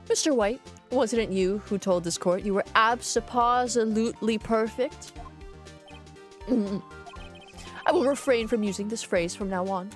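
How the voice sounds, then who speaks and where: A woman's voice: fairly high pitch, a little slow, soft background music. A woman streaming a game in casual commentary, playful and cursing, reading the game's text aloud as she goes.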